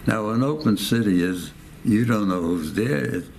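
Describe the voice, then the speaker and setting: A man's voice: on the low side, animated, normal speed, gravelly, darkish tone, slight background noise. A man, telling a war story in a rambling oral-history interview and repeating his phrases. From United States. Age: 90s. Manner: rambling, repeats phrases, acts out quoted voices.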